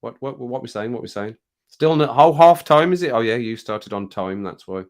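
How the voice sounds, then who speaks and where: A man's voice: medium pitch, animated, normal speed. A middle-aged man from England hosting a casual live chat, reading out comments, laughing often and baby-talking to his cat at home. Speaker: livestream host.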